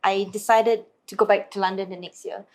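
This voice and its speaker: Lively woman telling stories. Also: mid-range voice, a little fast. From Malaysia. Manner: lively, acts out other people's lines in put-on voices. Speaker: singer-songwriter guest. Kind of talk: storytelling in an interview.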